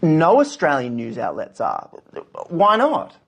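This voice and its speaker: A man's voice: on the high side, huge pitch swings, measured pace, gravelly, fairly bright tone, exaggerated voice. A man playing a flustered newsreader. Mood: mock-serious. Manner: apologetic, stammering, sarcastic. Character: flustered male news anchor in a comedy skit. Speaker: comedy sketch performer. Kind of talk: satirical newsreader sketch.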